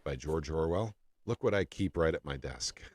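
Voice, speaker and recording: A man's voice: extremely low pitch, animated, normal speed, no room sound. A man hosting a casual political talk show, speaking emphatically and repeating phrases for effect. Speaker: podcast host.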